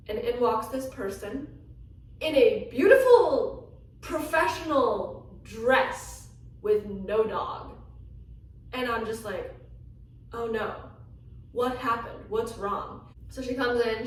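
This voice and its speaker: A woman vlogger telling a personal story in an animated way, acting out the lines she quotes. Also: on the high side, measured pace, slight background noise. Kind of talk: storytelling vlog. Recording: echoey room from a distance, faint ambience.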